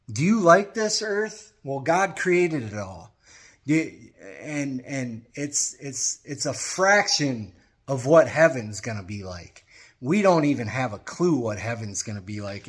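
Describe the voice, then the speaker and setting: A man's voice: medium pitch, slightly rough. A man preaching an informal gospel message, earnest and urging, often repeating his phrases to drive them home. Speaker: street preacher.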